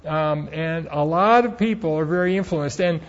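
High-voiced man teaching theology. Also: normal speed. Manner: earnest, explanatory, recounts personal stories. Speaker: Bible teacher. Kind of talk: theology lecture. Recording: dull lo-fi recording.

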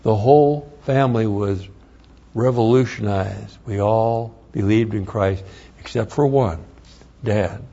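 An older man giving an earnest, plain-spoken personal testimony, with halting restarts as he tells his story. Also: lowish voice, vocal fry, mellow, husky. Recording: dull lo-fi recording.

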